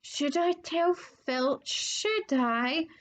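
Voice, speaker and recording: A woman doing Peeves, shrill taunting poltergeist. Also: lively intonation, very slow, a bit bright, full character voice. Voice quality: shrill, taunting sing-song. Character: mischievous cackling male poltergeist, sing-song. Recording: dull lo-fi recording.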